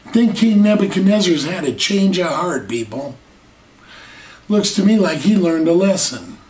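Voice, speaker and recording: A man's voice: high voice, lively intonation, moderate pace, darkish tone, slight background noise. A man preaching a sermon earnestly, stretching out key words and asking rhetorical questions, recorded from a distance in an echoey room. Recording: echoey room, mic far off.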